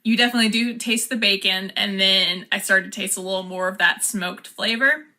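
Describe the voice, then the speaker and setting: Bright-voiced woman tasting snacks. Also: mid-range voice, a little fast. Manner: chatty, laughs often, reads product cards aloud. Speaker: vlogger. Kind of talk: casual snack unboxing and taste test.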